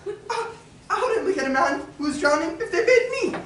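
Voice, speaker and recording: A woman playing a prim, easily shocked gentleman on stage, speaking in a stiff and indignant way. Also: very high-pitched, very animated, normal speed, a little hiss or hum, exaggerated voice. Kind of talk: stage play performance. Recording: echoey hall from far off.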